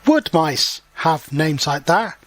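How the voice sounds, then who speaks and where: Friendly little male house mouse in a storybook, read aloud by a man; slow and plain. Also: a little high, sing-song, a bit bright, dry recording, heavily acted. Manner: slow, deliberate storybook dialogue.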